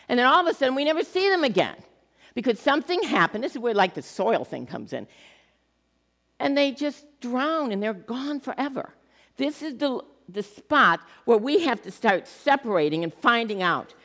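A middle-aged woman pastor giving a sermon in a church, talking in an animated, conversational way with touches of humor. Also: mid-range voice. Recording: long reverb of a church hall.

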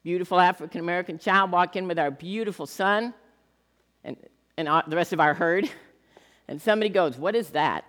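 A woman's voice: lowish voice, a little fast, long pauses. Woman pastor preaching in a church hall. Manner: conversational, animated preaching with humor. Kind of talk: sermon. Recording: long reverb of a church hall.

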